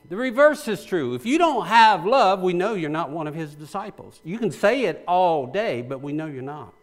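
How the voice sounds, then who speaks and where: Guy preaching a sermon, kinda high voice, swings up and down a lot, keeps repeating himself and asking the church stuff. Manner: repeats phrases for emphasis, asks the congregation questions; restarts and stumbles often. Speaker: pastor.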